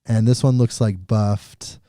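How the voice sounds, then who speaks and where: A man's voice: lowish voice, fairly even intonation, slow, mellow, dry recording, clean studio sound. A man hosting a podcast, chatting in a laid-back, rambling, joking way. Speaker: podcast host. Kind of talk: casual chat.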